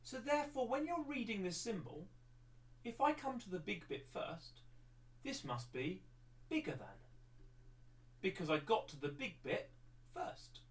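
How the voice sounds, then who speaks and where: A man's voice: sits high, very animated, a little slow, pauses often, distant mic. A man with an English accent teaching a livestreamed maths lesson, rambling with many restarts and repeated words.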